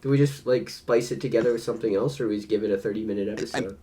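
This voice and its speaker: A man's voice: lowish voice, racing, mellow, a little hiss or hum. Joking, swearing young man co-hosting. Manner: swears freely, jokey and self-mocking. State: sick with covid. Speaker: podcast co-host. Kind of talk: casual read-along podcast chat.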